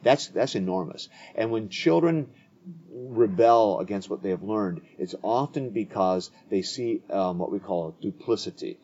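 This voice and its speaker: Brief: low husky man, earnest teaching tone, dull lo-fi recording. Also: expressive, a little slow, dark tone. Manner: earnest, repeats words as he restarts. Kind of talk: conversational teaching on faith. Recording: dull lo-fi audio.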